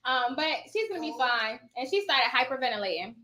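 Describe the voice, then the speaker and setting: A woman's voice: high-pitched, very animated, brisk, pushed and bright, slight background noise. A woman in her thirties chatting casually to her viewers, telling stories and calling them y'all. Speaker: notary signing agent vlogger.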